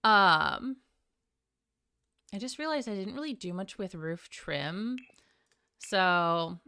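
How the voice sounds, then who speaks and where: A woman's voice: mid-range voice, expressive, takes it slowly, pushed and bright, smooth, dry recording, studio quality. A woman streamer chatting casually and a bit scatterbrained while building in a game, with a sing-songy way of talking. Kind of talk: casual live-stream chat while gaming.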